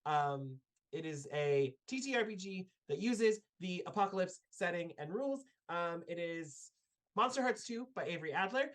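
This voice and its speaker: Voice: mid-range voice, expressive, moderate pace, a bit bright. A game master narrating a live tabletop game and closing the show, speaking loosely with frequent fillers.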